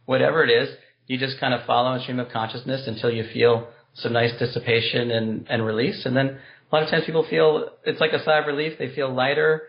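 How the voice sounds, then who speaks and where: A man's voice: mid-range voice, steady tone, fast, creaky, lo-fi sound. A man being interviewed on a podcast, explaining a compassion practice in an earnest, explanatory way with spiritual wording. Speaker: guest, compassion practice teacher.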